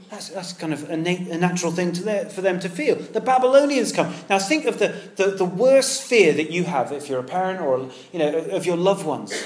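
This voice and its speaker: A man preaching a sermon in an earnest, conversational way, moving between loud emphasis and hushed tenderness. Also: sits high, roomy sound.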